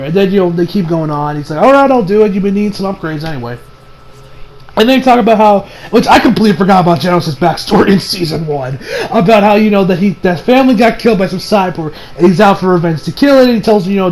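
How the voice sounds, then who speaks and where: A man's voice: high voice, a little mellow, slight background noise, rough recording. A young man giving a rambling, casual recap of an anime episode, acting out the characters' lines and laughing as he goes. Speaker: anime reviewer.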